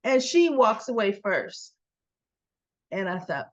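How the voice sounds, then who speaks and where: A woman's voice: mid-range voice, very animated, slow, dull audio. Chatty woman recapping a soap. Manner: chatty, retells scenes and acts out the characters' lines. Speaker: soap opera recap host. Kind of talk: casual spoken episode recap.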